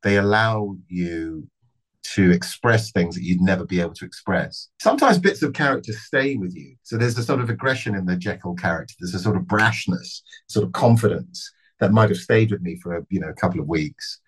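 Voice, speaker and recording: A middle-aged man with a very low, husky voice talks about his craft as an actor. He speaks in measured, reflective phrases and often restarts mid-sentence. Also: lively intonation, low-quality recording. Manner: thoughtful, measured, with frequent restarts and fillers. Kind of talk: reflective interview answers.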